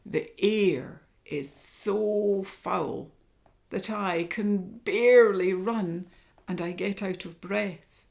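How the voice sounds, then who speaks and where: A woman reading aloud and voicing a weary, breathless male tiger who complains slowly. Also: medium pitch, creaky, darkish tone.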